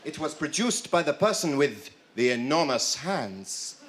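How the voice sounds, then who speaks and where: A man's voice: on the high side, sing-song, a little slow, heavy background noise. A British man doing a zany, rambling stand-up routine on a live TV stage. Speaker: stand-up comedian. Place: TV studio with audience. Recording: echoey live studio, loud audience.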